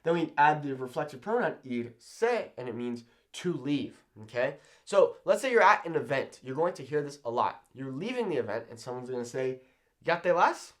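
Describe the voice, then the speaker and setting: A man teaching a Spanish lesson at a whiteboard, checking in with "okay?" after nearly every point and slowing down on example phrases. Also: medium pitch. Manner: animated, repeats "okay?" often, slows down on example phrases. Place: classroom-style room with whiteboard.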